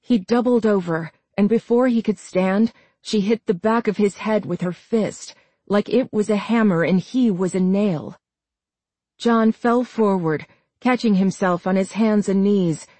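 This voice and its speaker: A woman narrates a suspenseful story in a steady, measured manner. She reads slowly and lets each sentence settle. Her voice sits at an ordinary pitch and sounds close and dry. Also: dry recording. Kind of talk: scripted audiobook narration.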